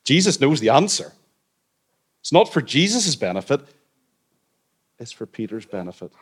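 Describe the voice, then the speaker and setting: A man pastor preaching a sermon, earnest and conversational, with gentle humorous asides. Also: medium pitch, very animated, normal speed, long pauses, slightly rough.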